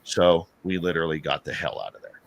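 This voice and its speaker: A man, a paranormal radio host, telling an animated story as an interview guest and acting out the dialogue. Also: low voice, a little fast, vocal fry. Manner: animated storyteller who acts out quoted dialogue.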